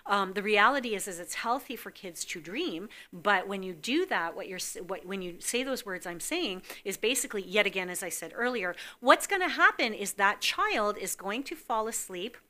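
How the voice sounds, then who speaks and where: A woman hosts a call-in show with a bright, forceful voice. She talks casually and animatedly to viewers. She acts out the voices in her stories as she goes. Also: medium pitch, normal speed, hardly any pauses. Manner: animated storytelling, acting out dialogue. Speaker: psychic call-in show host.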